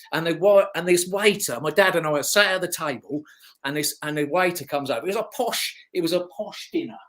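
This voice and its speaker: A middle-aged man, a former motocross racer telling rambling, chatty stories as an interview guest. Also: fairly high pitch. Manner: rambling, chatty, with restarts and chuckles. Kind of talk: casual anecdotal storytelling.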